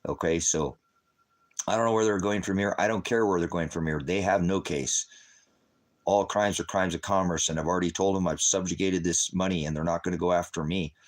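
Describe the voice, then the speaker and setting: A middle-aged man ranting angrily on a livestream as a father, cursing heavily and swinging from shouting to quiet. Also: low voice, fairly even intonation, a little fast. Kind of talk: angry livestream rant.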